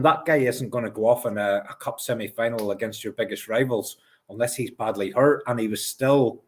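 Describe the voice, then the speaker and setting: A man co-hosts a football podcast at a plain middle pitch. He weighs his points carefully and often stops to restart a sentence. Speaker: podcast co-host. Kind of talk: casual football chat.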